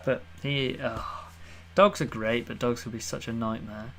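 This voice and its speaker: A man's voice: mid-range voice, a little slow, slight background noise. A young man co-hosting a podcast, bantering casually and laughing at his own jokes. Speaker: podcast co-host. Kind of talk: casual chat.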